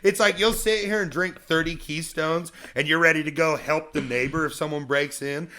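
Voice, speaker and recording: A young man co-hosting a podcast, joking crudely and ribbing his friend in a deadpan way. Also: fairly high pitch, normal speed. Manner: deadpan teasing, crude insults. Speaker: podcast co-host. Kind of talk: casual chat.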